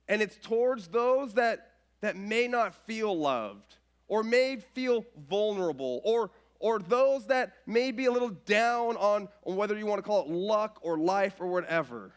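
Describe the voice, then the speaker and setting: A man in his thirties preaching a casual, self-mocking sermon with stories, dropping to a soft voice when quoting others. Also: high-pitched, measured pace. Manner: animated, self-mocking, drops to soft voice for quotes. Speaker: pastor. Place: church stage.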